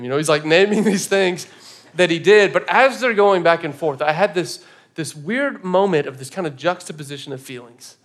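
A man in his thirties preaching a sermon, telling a family story with lively acted-out voices that swing from hushed to loud. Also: fairly high pitch, fast. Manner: animated storytelling, acting out scenes, swinging from soft to loud. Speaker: pastor. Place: church stage.

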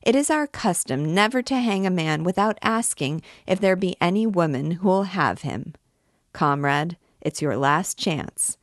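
A woman's voice: on the low side, expressive, unhurried, no room sound, clean studio sound. A woman voicing a boisterous male vagabond king who mocks his prisoner and calls out like an auctioneer, in a storybook reading. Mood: mocking.

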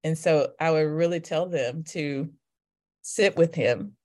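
A woman with children, a guest author, talking thoughtfully and softly about grief and faith. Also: deep voice, slow pace. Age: adult with children. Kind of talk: reflective faith conversation.

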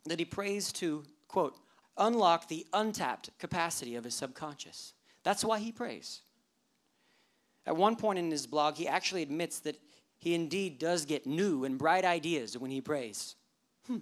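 A lively preacher delivering a sermon at a church service. The voice sits at a middle pitch and keeps prodding the congregation with rhetorical questions. Joking asides break up the teaching. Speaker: pastor.

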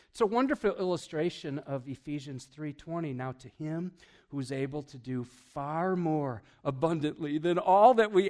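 A man preaching with lively energy in a church, his voice sitting a touch higher than most men's. He leans into big, loud emphasis, then drops to quiet asides, questioning the congregation and chuckling as he goes. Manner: animated, swings between loud emphasis and hushed asides. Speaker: pastor. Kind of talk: sermon.

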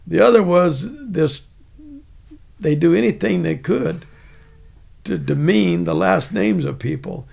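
A man's voice: high voice, takes it slowly, vocal fry, long pauses, a little mellow. An older man casually telling a rambling, chuckling anecdote from his army days. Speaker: veteran storyteller.

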